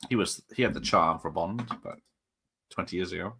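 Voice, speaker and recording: A man's voice: deep voice, a little fast, pushed and bright, breathy edge. A man hosting a casual film watch party online, joking and rambling with frequent laughs. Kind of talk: casual chat over a film.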